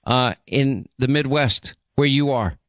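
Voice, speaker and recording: An older man hosts a radio talk show in a dry studio, talking in quick bursts. He stammers through restarts and has a faint New York accent. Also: medium pitch, a bit bright, no echo. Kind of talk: talk radio, live ad read.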